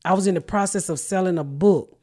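A woman's voice: on the low side, fast, dark tone. A middle-aged woman hosting a podcast, telling stories in blunt, profane casual chat and laughing often. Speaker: podcast host.

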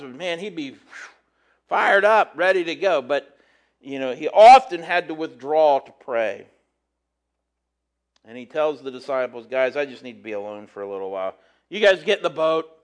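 A man preaching a conversational sermon, reading scripture and adding relaxed, chatty asides. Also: high voice.

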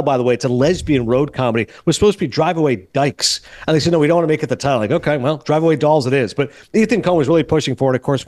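Male podcast host, quick storyteller, slightly higher voice. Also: darkish tone, dry recording. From Canada. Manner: fast, chatty storytelling. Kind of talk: casual movie chat.

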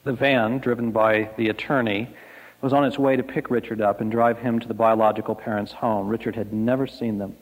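A man preaching a sermon, telling a story slowly and dramatically, letting his lines fade to a hush. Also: fairly low pitch, fairly even intonation. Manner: slow, dramatic storytelling with soft, hushed line endings. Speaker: pastor. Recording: echoey hall.

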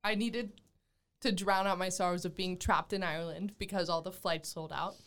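A woman's voice: lowish voice, moderate pace. A woman in her twenties from Texas, a podcast guest chatting casually and animatedly telling a story. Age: 20s. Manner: animated storyteller, acts out quotes, laughs often.

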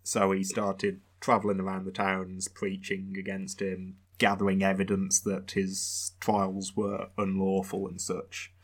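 A man's voice: low-pitched, completely flat delivery, unhurried, few pauses, breathy edge. A man on a podcast, casually telling a history story in a wry, rambling way with lots of fillers.

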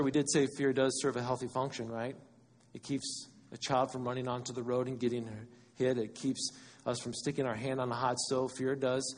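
A man preaching a sermon as pastor, animated and conversational, acting out quotes as he goes. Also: mid-range voice, in a large hall.

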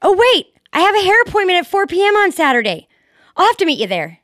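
A woman's voice: very high-pitched, sing-song, fast talker, fairly bright tone, no echo, studio quality, exaggerated voice. A woman playing a flaky young bandmate who talks in a breezy, careless way. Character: flaky young female bandmate, always late.

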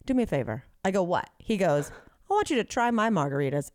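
A woman co-hosting a podcast in casual chat, telling an animated story and acting out the people in it. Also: on the low side, quick pace, no room sound, clean studio sound. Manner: animated storyteller who acts out quoted people. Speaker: podcast co-host.

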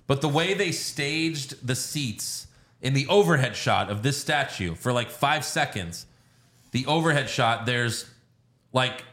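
Recapping a film on his podcast, an excitable man chats casually in a mid-range voice. His storytelling is animated and profane, peppered with quick voice impressions.

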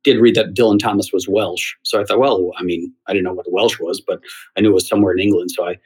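Husky middle-aged man telling a story. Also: deep voice, rough recording. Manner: lively storyteller with halting restarts. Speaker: theater columnist and former talk show host. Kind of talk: anecdotal interview answer.

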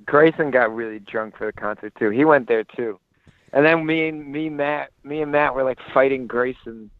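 A man's voice: medium pitch, moderate pace, no room sound. A young man calling in to a show, telling a rambling story full of restarts and fillers, heard over a phone line. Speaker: caller. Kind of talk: casual phone chat.

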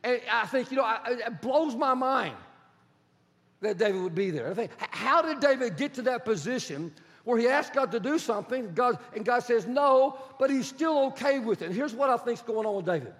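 A man preaching a sermon as a pastor, animated and acting out the dialogue he retells. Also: very high-pitched, normal speed, long reverb tail. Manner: animated, acts out quoted dialogue.

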